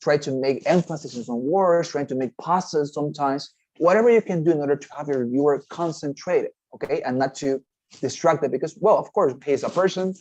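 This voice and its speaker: A brisk man with a fairly high, darkish voice comes through on a rough recording with no room sound. As a TOEFL teacher delivering a recorded class lecture, he explains test material step by step, frequently asks "okay?" and often restarts what he's saying.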